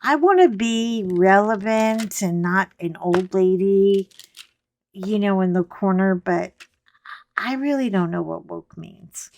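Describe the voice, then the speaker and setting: A woman's voice: mid-range voice, slow, gravelly, darkish tone, no room sound. A middle-aged woman hosting a coloring channel, telling a rambling story in a wry, casual way, with mild cursing and frequent "anyway" asides.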